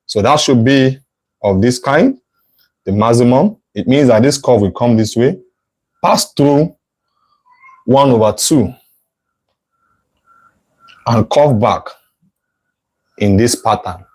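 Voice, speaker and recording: Guy tutoring math live, mid-pitch voice, talks it through and fixes his own slips, keeps asking "right?". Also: slow, long pauses, darkish tone, poor audio. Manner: thinks aloud while sketching, self-correcting, checks in with "right?". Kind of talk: live online math lesson.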